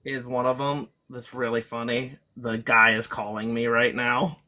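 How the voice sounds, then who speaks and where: A man's voice: medium pitch, little pitch movement, normal speed, bright, forceful tone. A man talking as a guest on a live chat stream, rambling along with plenty of fillers and restarts. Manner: rambling, filler-heavy, self-interrupting. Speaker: guest reseller.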